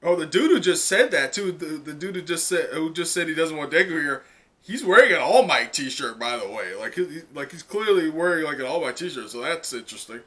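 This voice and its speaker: A man reacting live to a comic chapter in casual, excited talk full of "like" and laughs. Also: on the high side, fairly quick. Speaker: manga reaction streamer.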